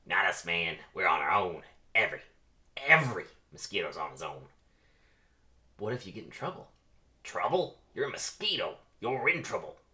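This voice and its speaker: A man's voice: low voice, sing-song, normal speed, sharp tone, full character voice. A man doing a brash, swaggering mosquito. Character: loud brash male mosquito, streetwise loner.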